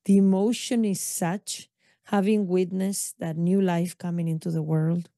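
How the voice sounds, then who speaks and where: A woman's voice: fairly low pitch, little pitch movement, a little slow, dry recording, clean studio sound. A middle-aged woman hosting a podcast as a doula, telling a personal story in an intimate way with frequent asides to the listener. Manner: warm, intimate retelling with frequent "you know" and "okay?".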